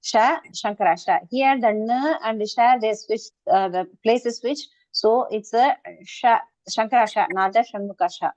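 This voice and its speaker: A woman's voice: fairly high pitch, normal speed, a little mellow, no room sound. Patient woman teacher, dull call audio. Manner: patient, precise, repeats each syllable. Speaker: chanting teacher. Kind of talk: online pronunciation lesson.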